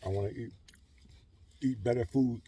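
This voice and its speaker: A man's voice: mid-range voice, normal speed, creaky, warm tone, husky, dry recording. A middle-aged man talking in a rambling vlog monologue, full of "you know" and "whatever", from his truck camper. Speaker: vlogger living in a truck camper. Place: truck camper in a trailer park.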